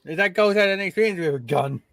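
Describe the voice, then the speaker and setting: Chatty higher-voiced man. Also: animated, fast, creaky, a bit bright, no room sound. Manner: chatty, laughs often, trails off and restarts. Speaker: podcast co-host. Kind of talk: casual chat reacting to recordings.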